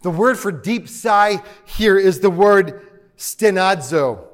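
High-voiced pastor, joking and conversational. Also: male voice, animated, slow. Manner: conversational, joking asides to the congregation. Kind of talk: sermon.

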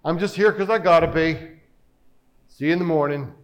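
A man's voice: a little high, fairly quick, pitched below the performer's own voice, natural voice, rough recording. A man voicing an indifferent husband who mumbles that he is only there because he has to be. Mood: dismissive.

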